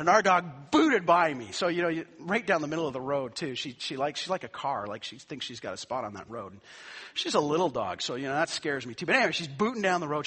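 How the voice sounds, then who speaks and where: Husky, bright-voiced male pastor preaching. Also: on the high side. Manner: conversational storytelling, rising to emphatic preaching. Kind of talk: sermon with personal story.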